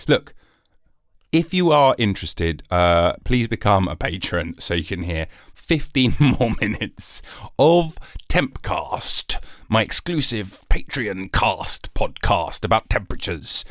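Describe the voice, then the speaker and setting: A man's voice: on the low side, very animated, slow pace, a bit bright, no echo, clean studio sound. A British man hosting his own podcast, rambling through a jokey, sarcastic solo monologue. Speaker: podcast host.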